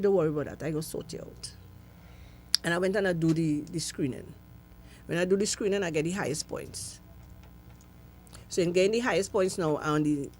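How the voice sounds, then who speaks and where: A middle-aged Trinidadian woman tells her story as an interview guest, acting out the voices of the people in it. Her voice sits at a middle pitch. A faint hum and some background noise run under the recording. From Trinidad and Tobago. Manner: lively storytelling, acts out voices in dialogue.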